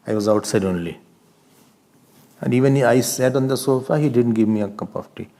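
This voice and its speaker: A man giving a spiritual discourse as a swami, animated and laughing often as he acts out everyday scenes. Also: medium pitch, fairly quick. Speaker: swami giving a scripture talk.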